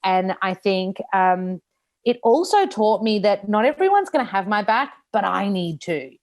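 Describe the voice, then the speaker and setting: A woman's voice: medium pitch, very animated, unhurried, a little mellow. An Australian woman in her thirties, an author talking openly about her own setbacks in a casual interview, with lots of likes and restarts. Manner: open, reflective, frequent likes and restarts. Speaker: author and nutritionist guest. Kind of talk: candid casual interview talk.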